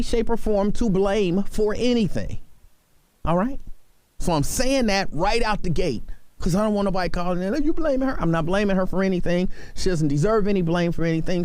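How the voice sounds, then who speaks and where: A man's voice: high voice, darkish tone, clean tone, no echo. A man hosting a talk radio show, speaking earnestly and pleading with his listeners, repeating himself for emphasis. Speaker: radio host.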